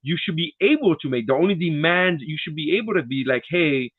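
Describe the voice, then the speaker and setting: A man comedian co-hosting a casual podcast, animated and profane, slipping into little voices for the people he quotes. His voice comes through thin and phone-like, in a dry space with no room echo. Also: a little high, a little fast. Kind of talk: casual chat. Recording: tinny phone-like sound.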